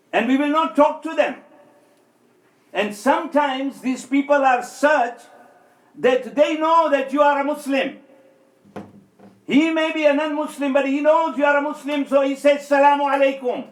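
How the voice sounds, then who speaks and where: A man giving a sermon and telling stories, acting out the quoted speech with big swings in pitch and loudness. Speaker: speaker at an Islamic center. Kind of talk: sermon with storytelling. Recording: echoey hall.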